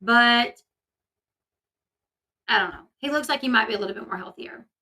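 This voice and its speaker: A woman's voice: a little high, normal speed, pushed and bright, recorded from a distance, poor audio. A woman hosting a casual commentary video, chatty and opinionated with many fillers. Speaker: commentary channel host.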